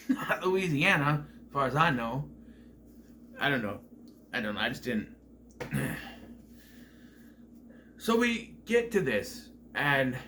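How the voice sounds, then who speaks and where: Man, casual reviewer; exasperated, profane rant, slightly higher voice with lively pitch. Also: slight background noise. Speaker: movie reviewer.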